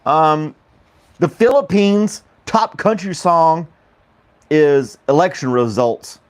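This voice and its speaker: A man's voice: a little high, slow pace. A man from the United States hosting a casual morning talk show, rambling and laughing often, with many fillers. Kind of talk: casual chat with live chat viewers.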